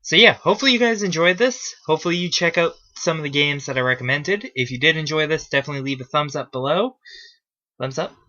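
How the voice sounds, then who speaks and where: A man's voice: a little high, lively intonation, fast talker, few pauses, bright, forceful tone, muffled recording. A man hosting a gaming vlog, talking casually off the cuff with many fillers and restarts. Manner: rambling, frequent fillers and restarts. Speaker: gaming video host. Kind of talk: casual unscripted vlog talk.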